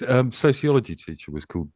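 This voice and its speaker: A well-spoken man in a casual group chat, his voice sitting at a middle pitch. The sound is dry and close, with no room around it. He is amused and asks curious questions. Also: very animated, quick pace, darkish tone, no room sound.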